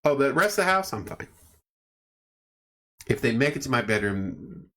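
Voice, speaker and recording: A man's voice: medium pitch, very animated, normal speed, pushed and bright. Chatty man on a livestream. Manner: chatty, rambling storyteller greeting viewers. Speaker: livestream host. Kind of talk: casual livestream chat. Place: home room at night.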